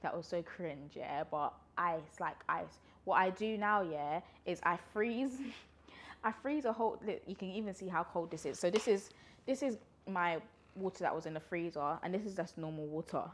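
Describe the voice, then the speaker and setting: Young woman vlogging, rambly and chatty, kinda breathless, voice on the low side. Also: moderate pace, a little hiss or hum. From London, UK. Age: 20s. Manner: chatty, rambling, laughs often. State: a little out of breath. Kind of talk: casual pregnancy Q&A vlog.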